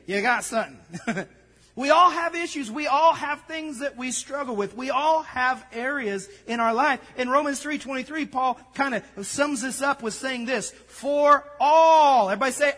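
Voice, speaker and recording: A man preaching a sermon, telling a story and acting out the dialogue with lively energy. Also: extremely high pitch, slightly rough, big-room sound. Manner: storytelling, animated, acts out dialogue. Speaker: pastor.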